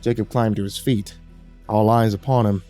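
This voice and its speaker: A man's voice: lowish voice, steady tone, normal speed, mellow, faint music behind. A man reading a horror story aloud in a dramatic storytelling manner. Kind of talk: scripted horror narration.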